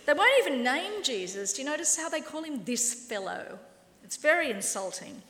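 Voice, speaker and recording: A woman delivers a lively sermon with a wry, playful edge, slipping into quoted voices. Her voice sits a little high. It echoes around a large hall with a long reverb tail. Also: a little fast. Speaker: preacher.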